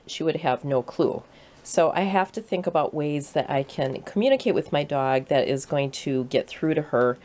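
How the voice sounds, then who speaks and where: Low-voiced woman teaching kids. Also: a little mellow. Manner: clear, patient, explanatory with vivid examples. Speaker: animal shelter educator. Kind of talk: educational talk for children.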